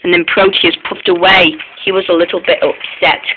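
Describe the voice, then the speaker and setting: A storyteller improvising a storybook tale, halting with many restarts and repeated words. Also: medium pitch, level tone. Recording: tinny phone-like sound, faint hiss.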